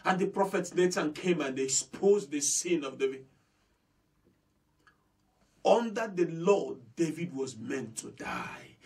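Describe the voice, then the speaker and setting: A man's voice: on the high side, animated, takes it slowly, long pauses, recorded from a distance. A man preaching a sermon as pastor. He is fervent, repeats phrases for emphasis and speaks straight to his listeners. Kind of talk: impassioned sermon.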